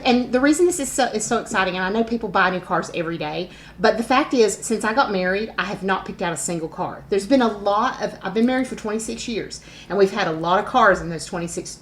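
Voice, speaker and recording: A woman's voice: mid-range voice, fairly bright tone, a little hiss or hum. A woman in her forties co-hosting a podcast, chatting with enthusiasm and telling stories. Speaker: podcast co-host. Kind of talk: casual chat.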